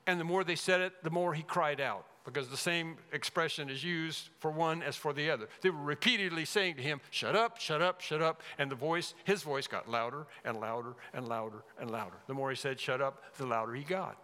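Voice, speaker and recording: A man preaching an expository sermon as pastor, emphatic, rising loud then dropping to a hush. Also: on the high side, a little fast, hardly any pauses. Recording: long reverb of a large hall.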